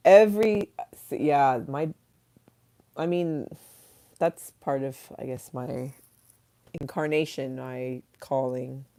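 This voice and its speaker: A woman's voice: rumbling low, takes it slowly, long pauses, mellow. A woman hosting a casual livestream, chatting freely with viewers, swearing and laughing at her own stories. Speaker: livestream host reading chat.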